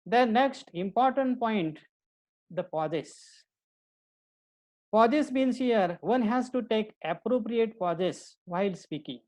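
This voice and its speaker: A woman teacher speaks at an unhurried, measured pace in a recorded lecture. She explains point by point, circling back to repeat key ideas and restarting phrases as she goes, in a voice of middling pitch. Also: darkish tone, low-quality recording. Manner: slow, deliberate explaining with frequent restarts and repetition. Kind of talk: recorded online lecture to students.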